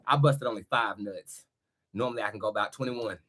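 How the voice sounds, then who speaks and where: A man's voice: lowish voice, fairly quick, very noisy. A man, hosting a live tarot stream in a brash, profane, chatty way. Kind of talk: casual live-stream monologue. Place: home studio. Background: loud music.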